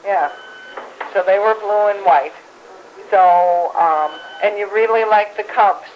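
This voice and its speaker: A middle-aged woman chatting gently with her father, asking him questions at home. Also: medium pitch, slow. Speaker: family interviewer. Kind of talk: casual family conversation. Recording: dull home recording with faint hiss.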